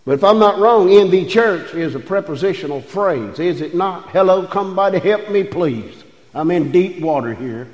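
Fervent preacher in an echoing church. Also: male voice, fairly high pitch, expressive, darkish tone. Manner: folksy, rising to fervent preaching with drawn-out phrases. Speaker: pastor. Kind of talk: sermon. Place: church sanctuary. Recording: echoey church hall.

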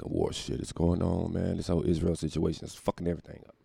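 A man hosting a solo podcast and ranting casually, profane and animated, laughing often while recording at home. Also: sits low, fast, vocal fry, breathy edge, no echo, studio quality. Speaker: podcast host.

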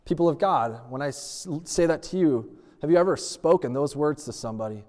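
High-voiced preacher in an echoey hall. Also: male voice, animated, fairly quick, mellow. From United States. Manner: storytelling preacher who acts out dialogue. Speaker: pastor. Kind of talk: sermon.

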